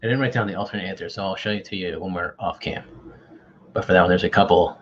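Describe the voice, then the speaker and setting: A man's voice: sits low, fast talker, dull audio, slight background noise. A man hosting an online quiz, bantering casually and teasing himself. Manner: joking, self-deprecating banter. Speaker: quiz host.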